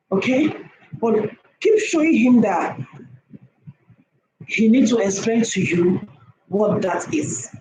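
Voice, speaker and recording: In an echoey room with faint noise, a woman with a mellow, medium-pitched voice preaches relationship advice to women. She's emphatic and repetitive, constantly checking in with her listeners by asking "okay?"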